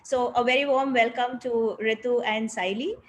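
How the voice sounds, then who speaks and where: A woman's voice: fairly high pitch, fairly even intonation, moderate pace, low-quality recording. A woman, moderating a panel and introducing guests in a welcoming way. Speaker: panel moderator, company CEO.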